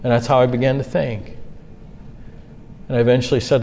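A man preaching a sermon as pastor, earnest, moving between soft asides and loud, high-pitched bursts. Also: little pitch movement, brisk, pauses often, in a large hall, slight background noise.

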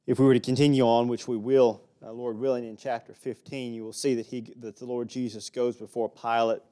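Male preacher with an Alabama accent, folksy expository sermon, mid pitch. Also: little pitch movement, brisk, warm tone. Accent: Southern US (Alabama). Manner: folksy, with small jokes and laughs. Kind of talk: sermon, expository Bible teaching.

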